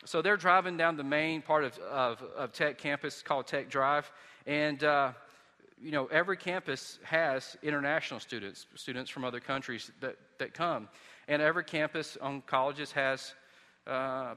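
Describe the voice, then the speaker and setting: A man's voice: on the high side, normal speed, bright, forceful tone. Southern man preaching in a reverberant hall. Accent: Southern American. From Southern United States. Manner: conversational storytelling with many restarts. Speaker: pastor. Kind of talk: sermon.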